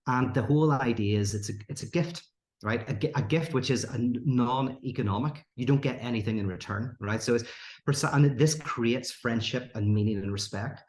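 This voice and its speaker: A man, a podcast guest telling stories in casual conversation, acting out the people he quotes. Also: moderate pace. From Northern Ireland. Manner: animated, acts out quoted characters with rising pitch. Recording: roomy echo.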